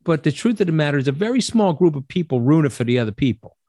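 A man's voice: a little high, very animated, quick pace, mellow, no echo, clean studio sound. A middle-aged man telling stories as an interview guest, blunt and profane, acting out the voices of people he quotes. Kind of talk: casual interview storytelling.

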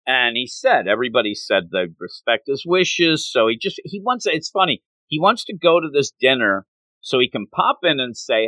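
A man in casual chat, recapping a story in a rambling, animated way and slipping into quoted voices. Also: medium pitch, moderate pace, no echo.

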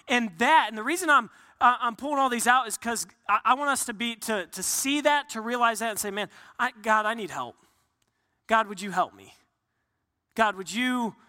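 A man's voice: very high-pitched, bright, forceful tone, long reverb tail. A man preaching a sermon earnestly, often restarting phrases and acting out quotes. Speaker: pastor.

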